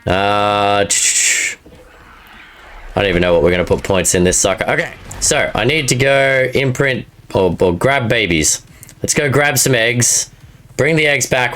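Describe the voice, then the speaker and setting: During a live gameplay stream, a man chats casually with his audience, calling out chat and viewers by name and laughing at his own jokes. His voice is fairly low in pitch and a bit bright.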